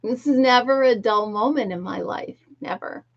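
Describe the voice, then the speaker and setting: A woman's voice: fairly high pitch, moderate pace. Chatty woman on a laptop livestream. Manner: chatty storyteller, laughs often, talks to viewers. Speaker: livestream host. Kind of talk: casual livestream chat. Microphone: laptop mic. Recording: dull lo-fi laptop audio.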